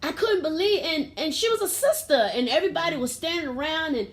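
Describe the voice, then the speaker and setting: Woman, high voice, podcast co-host, laughing storyteller. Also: brisk. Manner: laughs often, excitable retelling. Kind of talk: casual podcast chat.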